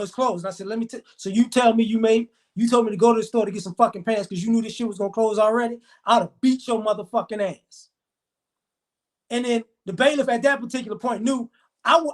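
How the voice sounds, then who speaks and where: Heated, profane man telling a story. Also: sits high. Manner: profane, heated, fast retelling with quoted dialogue. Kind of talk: storytelling rant to camera.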